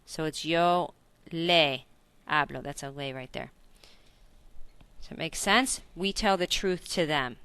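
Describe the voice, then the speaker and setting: A woman gives a recorded grammar lesson with a bright, clean voice. She walks through each point patiently, asks if it makes sense, and fixes her own slips as she goes. The sound is close and dry. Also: low voice, slow, smooth, no echo. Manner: explains step by step with frequent self-corrections and check-in questions. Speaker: Spanish teacher.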